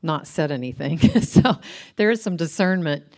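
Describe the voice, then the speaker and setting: A middle-aged woman with a low voice co-hosts a relaxed faith-centered chat. She tells everyday stories in a lively, animated way. She laughs often as she talks. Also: normal speed. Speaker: co-host.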